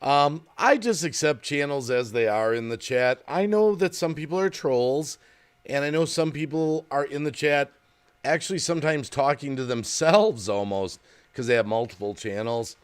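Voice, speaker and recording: A man's voice: on the high side, lively intonation, moderate pace, clean tone. A middle-aged man from Wisconsin chatting casually on a live stream, rambling and reading chat comments aloud. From Wisconsin, USA.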